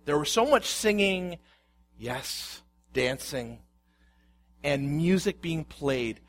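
Guy with a pretty high voice preaching, reads out bible verses then unpacks them, asks the crowd questions. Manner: expressive preaching, reads scripture aloud, asks rhetorical questions. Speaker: pastor. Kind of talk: sermon.

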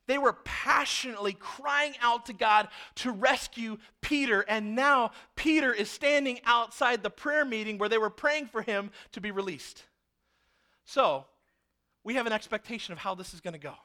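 A pastor delivers a sermon in a high-pitched voice at a moderate pace. He tells the story with animation, acting out the voices of its characters.

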